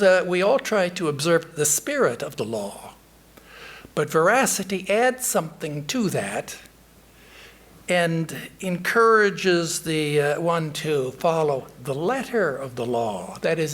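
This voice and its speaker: Slow, husky-voiced monk giving a sermon. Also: male voice, a little high, fairly bright tone. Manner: measured, reflective, with hesitations. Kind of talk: sermon with storytelling. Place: temple.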